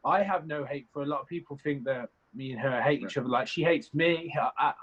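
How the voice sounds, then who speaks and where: A man's voice: mid-range voice, a little fast, fairly bright tone, breathy edge. A young man guesting on an interview, talking casually, rambling and candid with some swearing. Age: young adult. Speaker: reality competition contestant, guest. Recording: slightly muffled lo-fi audio.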